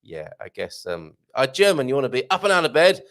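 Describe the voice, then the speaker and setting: A middle-aged man with a gravelly, slightly croaky voice that swings widely up and down as he chats. He hosts a live show in a jokey, self-mocking way, reading out viewer comments between chuckles. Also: mid-range voice, very animated, fairly quick, fairly bright tone. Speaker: livestream host.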